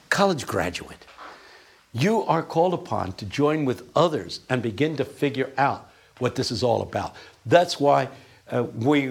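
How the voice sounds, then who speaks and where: A man's voice: medium pitch, vocal fry, slightly rough. A man lecturing a class, telling stories and acting out quotes with energy. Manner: animated, storytelling with acted-out quotes.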